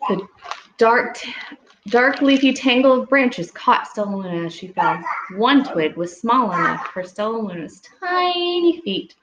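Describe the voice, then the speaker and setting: Woman, higher voice, storytime reader at home; gentle, asks kids questions; echoey room, dull lo-fi, faint background noise. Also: very animated, unhurried. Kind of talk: reading picture books aloud to children. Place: home room with children nearby.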